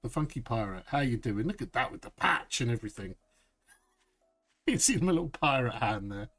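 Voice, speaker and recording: A man streaming a survival game live, chatty and upbeat, saying "boom" as he works. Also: animated, brisk, fairly bright tone, breathy edge, soft background music. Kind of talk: live gameplay commentary.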